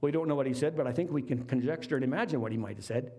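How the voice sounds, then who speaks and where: A man's voice: medium pitch, rapid-fire, dark tone. A middle-aged man preaching a sermon, retelling a Bible story in a conversational, folksy way with casual asides. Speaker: lay preacher.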